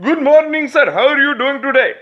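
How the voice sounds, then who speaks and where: A man's voice: animated, brisk, dull audio. A man voicing an overly polite male rental car clerk with an imitated Indian English accent, formal and courteous. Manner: formal, courteous, high-pitched.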